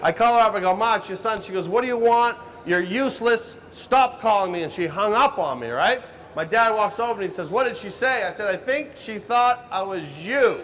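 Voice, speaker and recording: A man's voice: high voice, animated, a little fast, fairly bright tone. A man doing live stand-up comedy and hosting a cooking show, brashly teasing the audience between jokes. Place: outdoor stage at a crowded show. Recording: live crowd and hall noise.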